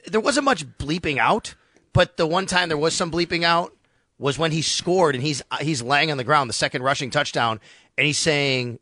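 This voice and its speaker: A man talking sports on the radio in an animated, storytelling way, acting out quotes as he goes. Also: on the high side, moderate pace, dry recording, clean studio sound. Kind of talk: casual sports radio chat.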